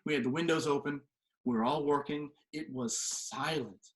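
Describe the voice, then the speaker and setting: A man telling a story to the camera from his home kitchen, animated and swinging from hushed to loud. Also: fairly high pitch, moderate pace. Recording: echoey kitchen room.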